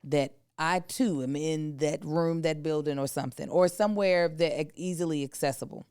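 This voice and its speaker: Woman, thirties, podcast co-host, low smooth voice, dry close sound, lively storytelling. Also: normal speed, no room sound. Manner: animated storyteller acting out voices of others. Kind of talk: casual storytelling chat.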